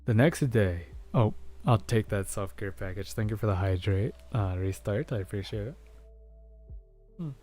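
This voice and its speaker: A man reading a story aloud to his stream chat in a soft-spoken, unhurried way on a close mic. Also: fairly low pitch, soft background music.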